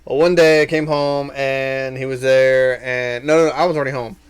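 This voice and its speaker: A young man co-hosting a podcast, chatting casually and acting out quotes in a jumpy, lively way. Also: normal speed, clean tone. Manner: animated storyteller, acts out quotes with pitch jumps. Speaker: podcast co-host. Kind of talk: casual chat.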